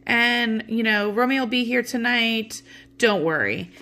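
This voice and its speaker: A woman voicing an old female nurse who fusses and soothes in a high, hurried way. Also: pushed and bright. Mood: soothing.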